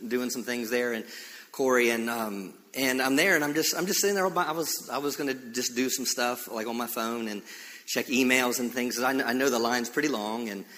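A man preaching a sermon as pastor, animated and emphatic, telling stories with frequent restarts. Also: medium pitch, fairly quick. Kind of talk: sermon with storytelling. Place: church sanctuary. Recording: reverberant church hall.

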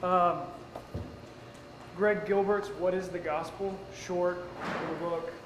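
A man in the audience casually listing recommended books, pausing between items. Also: sits high, little pitch movement. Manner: casual, lists items with pauses. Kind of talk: Q&A comment. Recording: echoey hall, noise.

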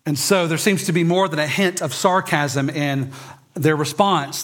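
A man preaching a sermon, emphatic, swinging between loud and soft and often repeating words. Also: a little high, a little fast. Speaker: pastor.

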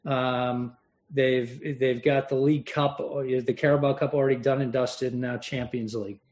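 A man co-hosting a casual sports podcast, breaking down play in a measured, analytical way. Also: medium pitch, flat delivery, a little mellow. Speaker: podcast co-host.

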